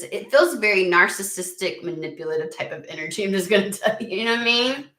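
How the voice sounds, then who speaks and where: A woman's voice: medium pitch, animated, brisk, fairly bright tone, reverberant. A woman giving a casual tarot reading, talking bluntly and swearing a lot in an exasperated rant. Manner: blunt, profane, exasperated ranting. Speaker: tarot reader.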